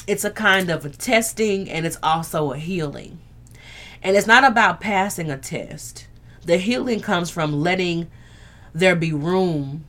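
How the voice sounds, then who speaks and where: A woman's voice: fairly low pitch, a bit bright. A woman hosting a casual live stream, talking candidly and earthily to her viewers. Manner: candid and earthy, swears, talks straight to viewers. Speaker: livestream host.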